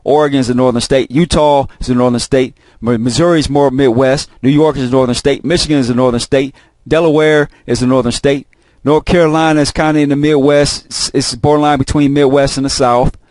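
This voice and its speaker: A man's voice: mid-range voice, steady tone, fairly quick, darkish tone, no room sound. Profane rambling man, dry close sound. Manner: rambling, repeats himself, heavy cursing. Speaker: host of a video channel. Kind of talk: casual profane monologue.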